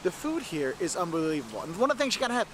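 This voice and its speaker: A man's voice: sits high, sing-song, racing, over a noisy crowd. A man presenting an informal explainer video, talking in a friendly, emphatic and enthusiastic way.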